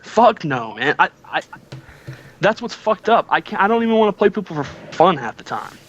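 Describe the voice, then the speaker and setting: Casting: male guest, slightly high voice, sheepish and self-blaming, heard over a dull lo-fi line. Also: sing-song, normal speed, fairly bright tone. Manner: sheepish, admits fault. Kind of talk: casual call-in talk.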